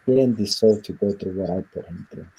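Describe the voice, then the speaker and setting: Speaking fairly quickly, this interview guest has a fairly low, slightly rough voice with a warm tone, captured in lo-fi sound. He earnestly recounts a reflective personal story in conversation, imitating the voices of the people involved.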